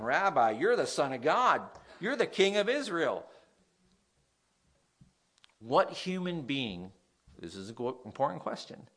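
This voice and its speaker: A man with a gravelly voice on the low side preaches a sermon in an animated, conversational way, frequently putting questions to his listeners.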